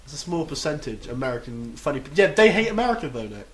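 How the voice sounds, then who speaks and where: Brief: man, 20s, loud jokey co-host, lively pitch, echoey room. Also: fast talker, a crowd in the background. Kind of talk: casual banter. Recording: roomy echo.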